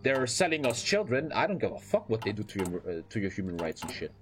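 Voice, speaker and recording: A man voicing a cynical female diplomat in a low, offhand, dismissive tone. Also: very animated, fast talker, soft background music.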